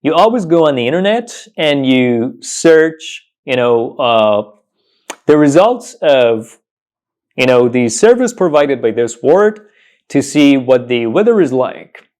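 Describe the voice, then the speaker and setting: A man teaching English pronunciation in an online lesson, repeating each word several times with slow, emphatic drilling. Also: medium pitch, big pitch swings, darkish tone.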